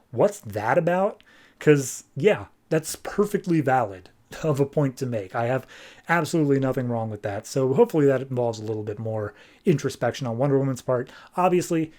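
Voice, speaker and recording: A man talks through a comic review in an easy, conversational way. His voice sits at an ordinary middle pitch. He sounds like a podcast host chatting to listeners. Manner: animated retelling with quick voiced asides. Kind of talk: casual comic recap.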